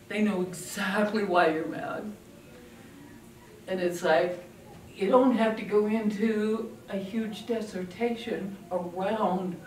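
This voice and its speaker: Older woman, parenting speaker, lively storyteller; distant mic in an echoey room with faint noise behind. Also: medium pitch. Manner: lively storytelling, acting out quoted family voices. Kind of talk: talk to an audience.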